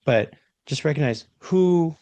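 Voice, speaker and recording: A man co-hosting a podcast, talking through leadership ideas in a reflective, animated way and often checking in with "right?". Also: on the high side, unhurried, no room sound. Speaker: podcast co-host, leadership trainer. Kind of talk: casual conversational podcast talk.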